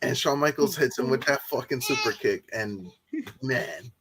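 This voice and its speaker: Excitable swearing man talking wrestling. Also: mid-range voice, moderate pace, background noise. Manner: excitable, swears, repeats words when worked up. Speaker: podcast co-host. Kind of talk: casual wrestling chat.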